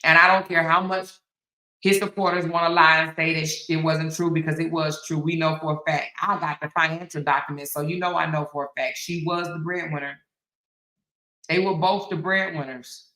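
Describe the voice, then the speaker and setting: A woman hosts an opinionated commentary monologue, speaking emphatically and repeating her points. She keeps checking in with the listener. Her voice is bright and sounds roomy, with a noticeable echo. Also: deep voice, steady tone, moderate pace. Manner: emphatic, repeats phrases, frequent "right?". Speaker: commentary host.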